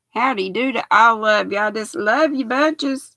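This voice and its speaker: An older woman in her sixties with a raspy voice and a Southern US accent, chatting casually on a knitting livestream and reading viewer comments aloud in a folksy way. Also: medium pitch, moderate pace, a bit bright, no room sound. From United States. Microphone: built-in laptop mic.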